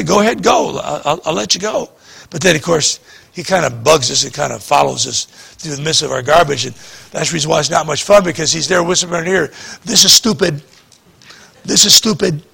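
A man's voice: high voice, gravelly, sharp tone, husky. A man preaching a sermon as pastor, talking to the congregation in a conversational way, full of rhetorical questions and restarts.

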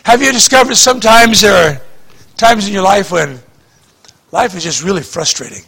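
A man's voice: high-pitched, expressive, normal speed, vocal fry, pushed and bright, breathy edge. A man preaching a sermon as pastor, talking to the congregation in a conversational way, full of rhetorical questions and restarts.

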